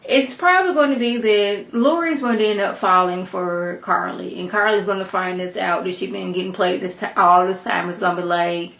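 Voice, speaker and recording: A young woman giving a sassy, chatty recap of a TV episode, full of animated asides. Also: lowish voice, normal speed, gravelly, few pauses, roomy sound. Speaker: TV episode reviewer. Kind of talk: casual recap commentary.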